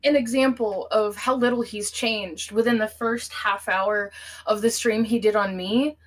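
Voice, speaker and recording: A woman calling into a live stream, speaking earnestly and haltingly, her breathing shaky from panic. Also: medium pitch, steady tone, poor audio. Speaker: caller. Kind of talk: emotional call-in conversation.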